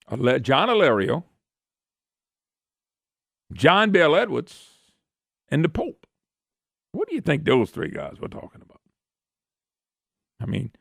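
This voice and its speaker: A man's voice: mid-range voice, creaky, no echo. A man hosting a talk radio show, delivering an opinionated monologue on a studio microphone, indignant and mocking and often repeating phrases.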